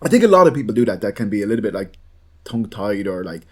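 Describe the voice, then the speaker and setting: A man co-hosting a podcast, bantering in casual chat and talking fast. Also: lowish voice, big pitch swings, breathy edge. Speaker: podcast co-host.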